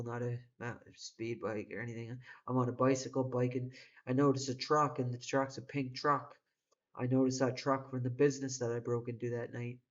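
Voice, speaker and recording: A man's voice: mid-range voice, dull audio. Rambling, profane man telling a story. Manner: rambling, profane, frequent restarts. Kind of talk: casual spoken storytelling.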